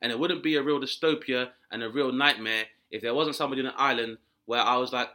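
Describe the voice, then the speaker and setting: Animated man doing mock voices. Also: mid-range voice, fast talker, hardly any pauses. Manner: animated, swings into mock voices and shouted punchlines. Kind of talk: comic rant with acted-out voices.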